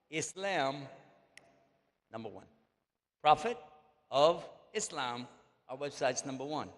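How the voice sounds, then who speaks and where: Older man, Texan drawl, folksy joking storyteller, slightly high voice, long hall reverb. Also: fairly bright tone. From Texas. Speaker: Islamic preacher. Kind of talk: storytelling lecture to an audience. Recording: long echo of a large hall.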